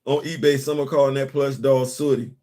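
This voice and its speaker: A man's voice: mid-range voice, level tone, fairly quick, warm tone. A man hosting a comics commentary show, ranting emphatically and repeating himself. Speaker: host. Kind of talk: casual commentary.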